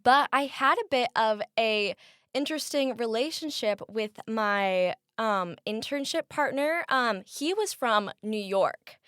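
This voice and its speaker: A woman's voice: fairly high pitch, lively intonation, measured pace, fairly bright tone, clean tone, dry recording, studio quality. A young woman from the American Midwest, chatting casually as an interview guest, with lots of fillers and laughter.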